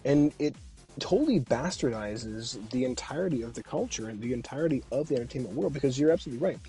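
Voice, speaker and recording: Husky, mellow-voiced man arguing heatedly. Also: medium pitch, lively intonation, quick pace, faint music behind. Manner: emphatic, impassioned. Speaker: voice actor guest. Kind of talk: heated podcast discussion.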